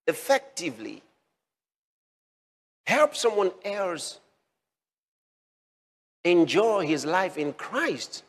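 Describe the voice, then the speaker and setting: A man's voice: on the high side, slightly rough. Preacher man with a ringing hall echo. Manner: repeats phrases for emphasis, asks listeners questions. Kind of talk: sermon.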